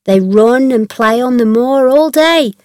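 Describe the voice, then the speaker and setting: A woman voicing a cheerful, chatty and kind young female servant in a storybook reading, with a brisk, friendly manner. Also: on the high side, expressive, a little mellow, no echo, voice pushed up.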